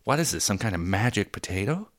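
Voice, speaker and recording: A man's voice: lowish voice, sing-song, fast talker. A man doing a grandstanding movie investigator. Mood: incredulous. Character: film actor as a grandstanding male investigator.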